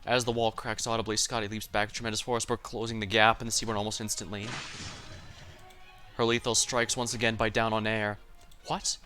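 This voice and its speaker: A man streaming a long dramatic reading of a game story, his throat dry and energy flagging. His voice is bright and sharp, and quiet music plays faintly underneath. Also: on the low side, flat delivery, a little fast. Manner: casual asides between readings.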